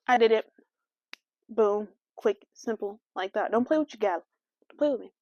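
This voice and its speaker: A young adult woman hosting a casual solo podcast, talking in a brash, sassy, slangy and animated way. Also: mid-range voice, normal speed, no echo. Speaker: podcast host. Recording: dry, dull lo-fi sound.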